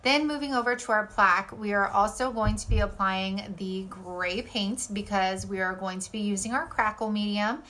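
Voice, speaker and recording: Young woman, bright clear tone, enthusiastic, casual filler-heavy narration. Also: medium pitch, normal speed, few pauses. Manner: chatty and enthusiastic, with many "like" fillers. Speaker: DIY crafting channel host. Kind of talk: casual voice-over narration of craft steps.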